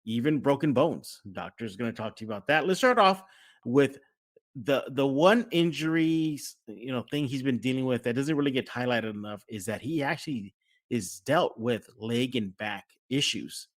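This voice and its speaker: A man's voice: medium pitch, expressive, normal speed. A man hosting a casual sports podcast, talking with energy and acting out fan reactions. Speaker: podcast host.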